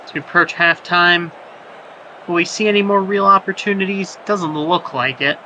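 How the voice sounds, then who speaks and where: A man gives play-by-play commentary on a simulated soccer match, jokey and rambling between plays and surging when chances come. His high voice moves at normal speed, bright and forceful, over poor audio with background noise.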